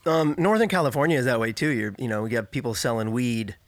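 A man from Missouri, co-hosting a podcast in casual chat, chiming in with quick interjections. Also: mid-range voice, expressive, dry recording. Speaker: podcast co-host.

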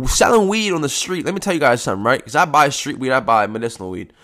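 Recording at home, a U.S. podcast host rambles through a casual solo chat, profane and relaxed, his voice congested from post-nasal drip. He speaks quickly and expressively at medium pitch, with a fairly bright tone.

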